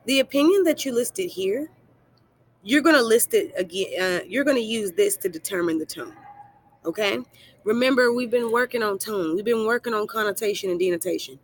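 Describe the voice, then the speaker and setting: In a recorded screen-share lesson, a woman teacher with a fairly high, lively voice walks students through a worksheet at a moderate pace. She asks questions and answers them herself, encouraging and reassuring the students with obvious affection.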